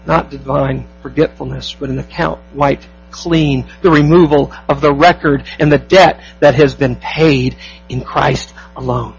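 A man preaching a sermon as pastor, emphatic, asking the congregation rhetorical questions and slowing down to stress key phrases. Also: medium pitch, steady tone, vocal fry, husky, highs cut off, faint music behind.

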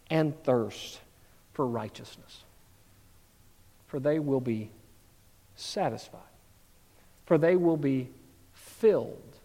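A man preaching a sermon to his congregation, swinging between lively asides and hushed, earnest passages. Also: on the high side. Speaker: pastor. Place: church sanctuary. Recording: church hall reverb.

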